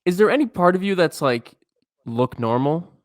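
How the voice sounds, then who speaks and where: A man's voice: a little high, expressive, moderate pace, no echo, clean studio sound. A man co-hosting a casual sports podcast, breaking in with joking, teasing questions. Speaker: podcast co-host.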